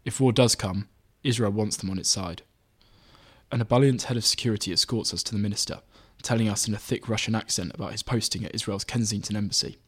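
A man reading his own magazine article aloud in measured, even scripted narration. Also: lowish voice, slightly rough.

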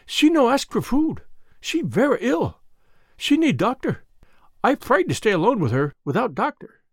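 Man putting on a high-voiced foreign maid. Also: very animated, moderate pace, slightly rough, no echo, clean studio sound. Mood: anxious. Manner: broken English, short blunt phrases. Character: young foreign maid, fierce, protective.

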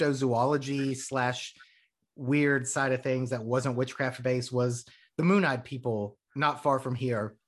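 Male podcast host, rambles excitedly and swears freely, mid-range voice. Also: mid-range voice, a little slow. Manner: rambling, profane, excitable storytelling. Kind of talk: casual chat.

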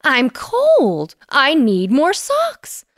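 A woman voicing a grumpy, always-cold male sock monster in a bedtime story, speaking bluntly, slowly and loudly. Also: sits high, wildly swooping pitch, no echo, clean studio sound, pitched above the performer's own voice, heavily acted. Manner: blunt, slow and loud.

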